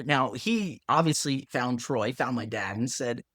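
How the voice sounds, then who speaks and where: A man, a pharmacist, telling a story in a casual, animated way, acting out other people's lines and saying "like" a lot. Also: mid-range voice, unhurried, no echo, studio quality.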